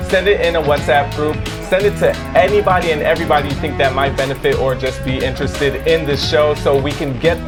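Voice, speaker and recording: Measured man reading viewer questions. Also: a little high. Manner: measured, reads out questions carefully. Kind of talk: live web show chat.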